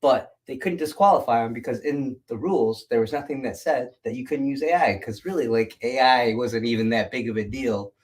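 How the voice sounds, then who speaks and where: Guy artist on a livestream, laid back, rambles with lots of "like", mid-pitched voice. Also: a little fast, hardly any pauses, slight background noise. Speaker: guest artist. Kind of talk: casual interview chat.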